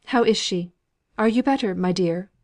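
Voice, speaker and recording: A commanding middle-aged matron, loud and clearly spoken, as a woman narrator puts her on. Her tone is firm and impatient. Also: medium pitch, normal speed, lightly acted.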